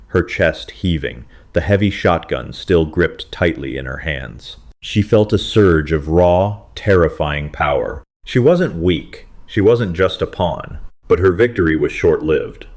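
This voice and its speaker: Deep-voiced male story narrator. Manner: steady, dramatic storytelling.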